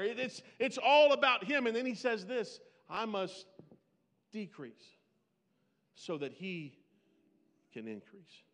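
A man preaching a sermon, swinging between loud, pleading bursts and hushed, slow lines. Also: high voice, in a large hall. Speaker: pastor.

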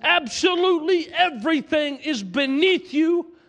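A preacher with a strikingly high-pitched voice delivers a sermon. He speaks with passion and recites scripture at length to his congregation. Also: expressive, a little slow, a bit bright, faint music behind. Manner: impassioned, reciting scripture aloud.

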